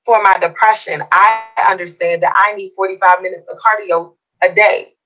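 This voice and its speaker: A woman's voice: medium pitch, steady tone, moderate pace, sharp tone, low-quality recording. A woman co-host earnestly explaining her views in a talk show discussion.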